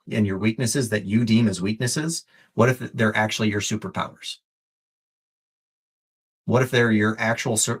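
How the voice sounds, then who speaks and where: A fitness and life coach on a live stream, this man speaks in a lowish, slightly bright voice with a breathy edge. Earnest and encouraging, he repeats phrases for emphasis, swears casually, and sounds emotional, close to tears.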